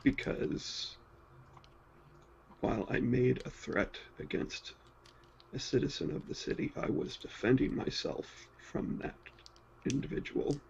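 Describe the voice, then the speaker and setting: A man voicing his tabletop character, a stubborn, honor-bound adventurer held in a cell, speaking calmly and matter-of-factly. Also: mid-range voice, unhurried, creaky, long pauses. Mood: steady. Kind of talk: in-character tabletop role-play. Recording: dull lo-fi mic with faint hiss.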